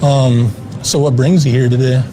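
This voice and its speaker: A man from a vigilante group confronting someone at a shopping mall, talking in a calm, coaxing way and repeating reassurances. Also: medium pitch, normal speed. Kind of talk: on-the-street confrontation. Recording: clip with clear background noise.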